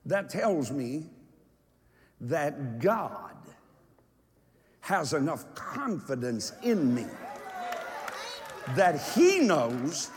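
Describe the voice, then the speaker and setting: A man preaching a sermon with drawn-out emphasis, swinging from hushed lines to shouts. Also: a little high, big pitch swings, a little hiss or hum. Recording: long echo from a large hall.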